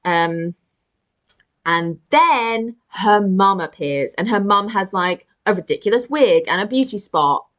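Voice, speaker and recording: A woman's voice: medium pitch, lively intonation, slow, a bit bright. A woman co-hosting a film podcast, chatting casually with lots of "like" and acted-out quotes. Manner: chatty, full of "like", acts out quotes. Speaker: podcast co-host. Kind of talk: casual chat.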